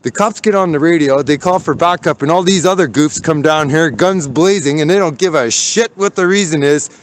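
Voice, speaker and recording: A man's voice: on the high side, a little fast, a little hiss or hum. A man livestreaming as he walks outdoors downtown, ranting angrily and swearing. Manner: furious, profane ranting. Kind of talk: angry walking livestream.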